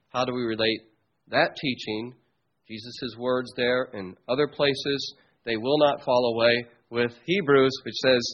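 Male preacher, husky middle-pitched voice, earnest teaching sermon with hushed asides. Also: lo-fi sound. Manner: emphatic teaching, swings between loud stresses and quiet asides. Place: church.

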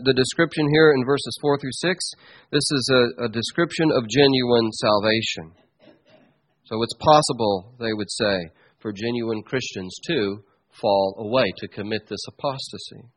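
Husky-voiced man preaching a sermon. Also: medium pitch. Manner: emphatic teaching, swings between loud stresses and quiet asides. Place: church.

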